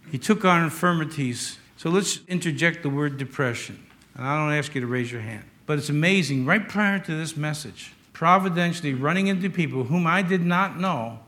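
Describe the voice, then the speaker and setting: An older man preaching a sermon as pastor, emphatic, moving between loud raised lines and quiet asides. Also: on the high side.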